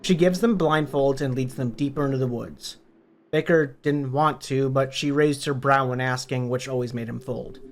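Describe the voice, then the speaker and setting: A man's voice: mid-range voice, fairly even intonation, moderate pace. A man, a book reviewer, retelling a novel's story in a plain, matter-of-fact way. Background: faint background music.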